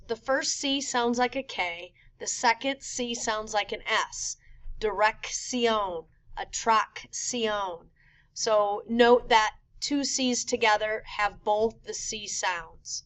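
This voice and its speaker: A woman teacher explaining grammar rules step by step in a recorded lesson, slowing down to spell out examples. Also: on the high side, a bit bright, rough recording. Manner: clear, methodical explaining with slow spelled-out examples. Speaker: Spanish teacher.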